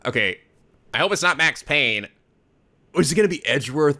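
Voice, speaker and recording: A man in his twenties hosting a let's play, hyper and excitable, laughing and swearing as he talks. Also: fairly high pitch, normal speed, pauses often. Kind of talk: excitable gameplay commentary. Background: game music.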